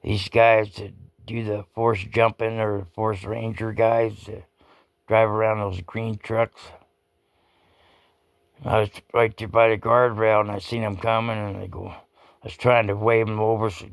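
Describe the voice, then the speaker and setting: A man's voice: fairly low pitch, flat delivery, a little slow, creaky, no echo, clean studio sound. A man rambling through a personal anecdote in a salty, folksy way, swearing casually and often restarting his sentences. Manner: salty, profane, folksy talk with many restarts. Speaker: storyteller.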